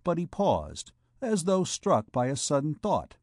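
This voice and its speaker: A man narrating a classic novel as an audiobook reader, in a measured, formal storytelling manner. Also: on the high side, wildly swooping pitch, darkish tone, no echo, studio quality.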